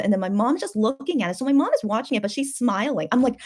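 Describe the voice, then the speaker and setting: Excitable young woman rambling late at night. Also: fairly high pitch, fast, few pauses. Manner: excitable, repeats words, rambling storytelling. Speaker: vlogger. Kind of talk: late-night casual chat.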